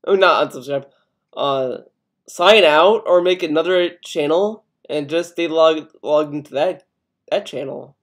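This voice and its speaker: A man's voice: on the high side, unhurried, a bit bright. A young man commenting casually on a video, rambling, swearing a lot and putting on mock outrage. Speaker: commentary youtuber.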